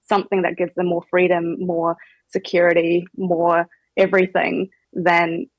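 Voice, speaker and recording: A woman's voice: lowish voice, flat delivery, measured pace, no room sound, dull audio. A woman with a New Zealand accent, a guest chatting casually with lots of fillers. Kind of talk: casual chat.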